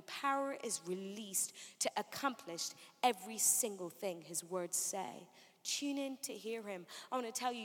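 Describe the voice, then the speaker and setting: A woman preaching a sermon quickly and with emphasis. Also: on the high side, big-room sound.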